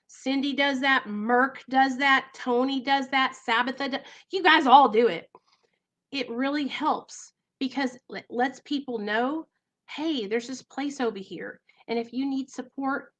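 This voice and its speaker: A woman speaks straight to her viewers from home, earnest and emotional as she hosts a recovery channel. Her voice sits a little high and rings bright and forceful. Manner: earnest, emotional, keeps addressing viewers directly. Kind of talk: livestream talk to viewers.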